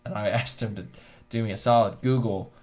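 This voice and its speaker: A man's voice: on the low side, fairly even intonation, fairly quick, a little mellow. A man co-hosting a casual podcast with friends, telling a rambling, profane story and laughing often. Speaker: podcast co-host.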